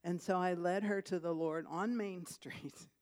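A woman telling two testimonies to her church, chatty and lively, with laughs and fillers as she tells the story. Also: lowish voice, a little slow. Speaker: church member giving testimony.

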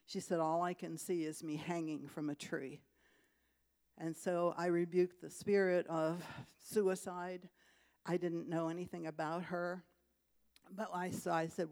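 A woman telling two testimonies to her church, chatty and lively, with laughs and fillers as she tells the story. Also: low voice, vocal fry. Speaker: church member giving testimony.

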